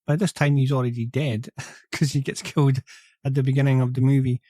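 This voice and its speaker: A man's voice: medium pitch, flat delivery, a little fast, warm tone, no echo. A man co-hosting a podcast, chatting casually about films, tentative and often ending his points with a question. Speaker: podcast co-host. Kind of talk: casual film chat.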